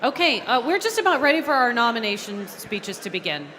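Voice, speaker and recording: A woman chairing a large convention from the podium, keeping a noisy crowd in order with a firm, brisk manner. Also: fairly high pitch, big pitch swings. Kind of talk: running a convention floor. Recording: long hall reverb.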